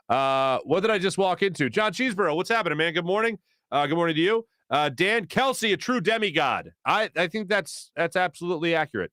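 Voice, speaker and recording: A man's voice: on the high side, fairly bright tone, no room sound. A man hosting a sports morning show from a radio studio, chatting casually and rambling as he greets viewers and reads their comments aloud. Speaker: sports radio host reading live chat. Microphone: studio microphone.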